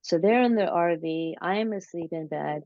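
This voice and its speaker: A woman being interviewed, telling a long story slowly and casually, with many fillers and restarts. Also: fairly low pitch, mellow, no echo. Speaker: interview guest, paranormal researcher. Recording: dull lo-fi audio.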